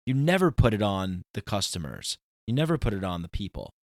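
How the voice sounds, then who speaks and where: A man hosting his own podcast, talking through a solo intro in an animated, ranting, conversational way. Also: lowish voice, a little fast, no room sound, studio quality. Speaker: podcast host.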